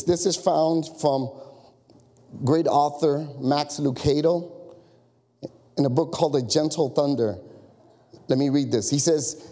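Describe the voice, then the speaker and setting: A man preaching a sermon as pastor, animated and conversational, full of rhetorical questions. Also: fairly high pitch, long reverb tail.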